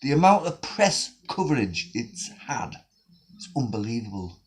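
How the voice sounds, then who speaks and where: A man's voice: medium pitch, big pitch swings, moderate pace, slight background noise. A man delivering a profane, sarcastic rant on his own video channel. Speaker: vlogger. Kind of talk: angry ranting vlog.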